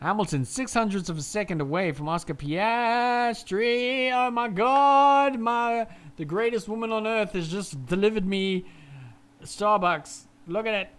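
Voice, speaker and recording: A man calling a race live in a casual, chatty way, swearing freely as he goes. His voice sits high and sounds smooth and clean. He moves from relaxed chatter to loud, excited calls. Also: measured pace. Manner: chatty, swears, swings from laid-back to shouting. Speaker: fan race commentator.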